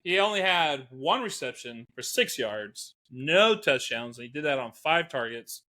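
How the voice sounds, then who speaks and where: Male co-host, casual sports talk, bright tone, lively delivery. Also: mid-range voice, unhurried. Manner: animated, laughs often, reads out stats. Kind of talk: casual podcast chat.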